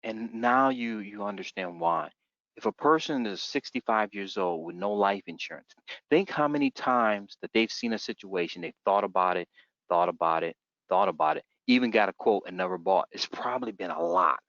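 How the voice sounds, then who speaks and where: A man's voice: lowish voice, moderate pace, dry recording. A middle-aged man giving a sales training talk, telling stories and acting out customers in put-on voices. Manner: animated storytelling, acts out customers in voices. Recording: dull, muffled dry recording.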